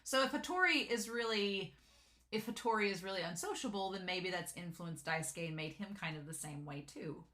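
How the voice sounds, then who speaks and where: A woman chatting casually through an episode recap, full of "like" and quick asides. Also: fairly low pitch, animated, pushed and bright. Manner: chatty, giggly, lots of "like" and filler. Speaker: anime reviewer.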